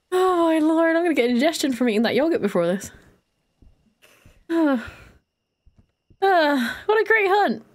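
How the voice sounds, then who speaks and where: A woman's voice: high-pitched, expressive, slow pace, long pauses, darkish tone. A woman chatting casually while streaming a game, breaking into shrieks and laughs when startled. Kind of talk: casual live gameplay chat.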